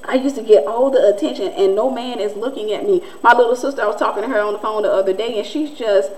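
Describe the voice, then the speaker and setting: A woman, preaching in a conversational, animated way and acting out the voices she quotes. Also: on the high side, fast talker, slight background noise, poor audio. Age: 40s. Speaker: Christian teacher and host. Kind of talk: preaching-style teaching talk.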